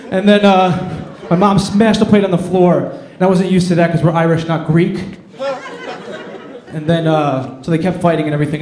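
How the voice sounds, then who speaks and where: A man's voice: on the high side, a little mellow. A man doing a stand-up set on a comedy club stage, telling self-deprecating stories into a handheld mic. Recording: echoey club room.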